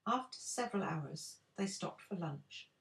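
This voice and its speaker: An older woman, a grandmother, reading a storybook aloud in an expressive, unhurried way. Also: fairly low pitch.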